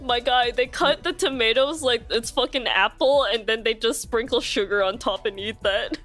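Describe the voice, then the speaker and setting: A woman's voice: a little high, moderate pace, fairly bright tone, faint music behind. A woman streamer chatting casually, blunt and profane, often laughing through her stories.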